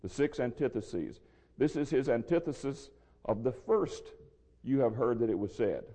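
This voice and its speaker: A man teaching through a Bible passage verse by verse, measured and explanatory, with a dry throat he soothes with water. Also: mid-range voice, expressive, dark tone. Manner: measured, explanatory, restarts phrases. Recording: lo-fi with long hall reverb.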